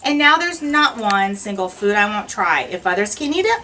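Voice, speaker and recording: Lively, bright-voiced woman reading a story aloud. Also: mid-range voice, moderate pace, distant mic, slight background noise, poor audio. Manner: expressive, sing-song rhyming delivery. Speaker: teacher. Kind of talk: reading a rhyming picture book aloud.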